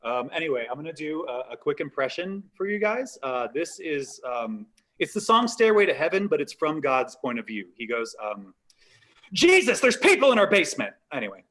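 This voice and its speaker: A man's voice: mid-range voice, animated, normal speed, few pauses, a bit bright. A man doing a stand-up comedy set over a video call, rambling and self-deprecating, with a lot of "like" fillers. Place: home set-up on a live stream.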